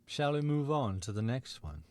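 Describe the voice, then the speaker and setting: A man's voice: mid-range voice, big pitch swings, normal speed. A man hosting a casual podcast, playfully reading out movie quiz clues and synopses to his friends.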